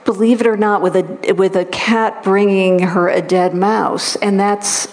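Brief: mid-pitched woman moderator, halting and searching, at a live author event. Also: fairly even intonation, darkish tone. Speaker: interviewer, moderator. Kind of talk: onstage conversation.

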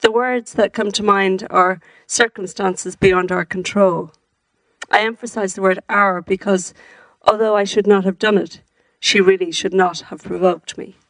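A woman reading aloud as a cold, self-justifying man who struck his wife, in a calm, measured voice. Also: medium pitch, dry recording. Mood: coolly detached.

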